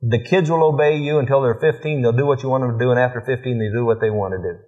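A man's voice: medium pitch, quick pace. A middle-aged man preaching a sermon as pastor, telling family stories in a folksy way and acting out what he said to his children. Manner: folksy storytelling, acts out dialogue with his children. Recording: muffled lo-fi recording.

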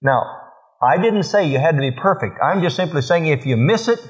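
A man's voice: fairly high pitch, expressive, fairly quick. A middle-aged man preaching a sermon as pastor, telling family stories in a folksy way and acting out what he said to his children. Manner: folksy storytelling, acts out dialogue with his children. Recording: muffled lo-fi recording.

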